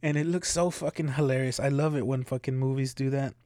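A man's voice: medium pitch, fairly even intonation, fairly quick, mellow, no echo, clean studio sound. A man hosting a podcast alone, rambling casually with heavy swearing and frequent laughter. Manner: rambling, profane, laughing often. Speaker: podcast host. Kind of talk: casual solo commentary.

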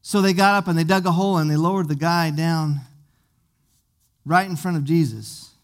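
A man's voice: on the high side, normal speed. A man preaching a sermon, vividly retelling a scripture story with many questions to his listeners and often repeating small words as he goes.

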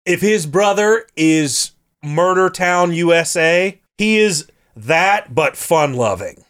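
A man's voice: on the high side, lively intonation, slow, a bit bright, clear, resonant tone. A man chatting casually as a podcast host, animatedly retelling a video game story and slipping into character voices.

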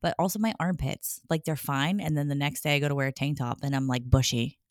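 Woman podcast co-host, thirties, low voice, dry close sound, blunt and profane. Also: quick pace, no room sound. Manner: blunt, candid, swears freely. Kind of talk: casual chat.

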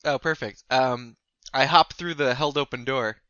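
A player in a tabletop role-playing game who talks playfully and breaks into loud in-character shouts. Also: mid-range voice, unhurried, no echo. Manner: playful, lively, with bursts of shouted in-character lines. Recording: dull lo-fi mic.

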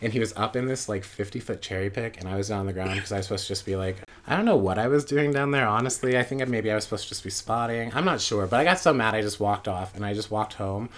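A man's voice: on the low side, quick pace, few pauses, a bit bright. A man in his late twenties casually telling a personal story, rambling with lots of asides. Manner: rambling, full of fillers and asides. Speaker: guest storyteller.

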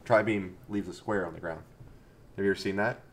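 A man's voice: low-pitched, brisk. A man co-hosting a casual podcast, joking around. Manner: joking, animated. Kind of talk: casual chat.

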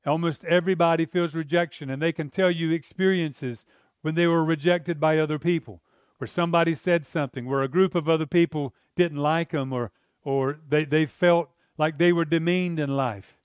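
A man's voice: a little high, steady tone, normal speed, smooth, no room sound, clean studio sound. A middle-aged man preaching a sermon in an earnest, conversational way, often repeating words as he goes.

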